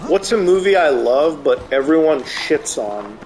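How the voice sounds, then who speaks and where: A man's voice: fairly high pitch, unhurried, slight background noise. A man streaming a game, chatting casually and ranting with plenty of swearing. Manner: profane, animated ranting. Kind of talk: casual chat while gaming.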